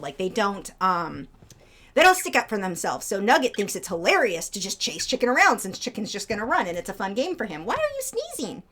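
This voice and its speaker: A young woman chatting casually on a live stream, rambling between topics and breaking into a high baby voice for her pet birds. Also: a bit bright. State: out of breath.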